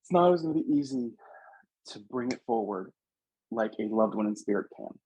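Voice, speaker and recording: A man's voice: on the low side, brisk, a little hiss or hum, rough recording. A man who works as a psychic medium, telling stories from his readings in an earnest, casual interview manner. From Louisiana. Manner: earnest storytelling, animated quoting of others.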